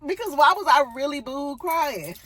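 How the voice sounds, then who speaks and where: A woman book vlogger telling a story to her viewers in a casual, animated way, laughing and poking fun at herself. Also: high-pitched, moderate pace, noisy background.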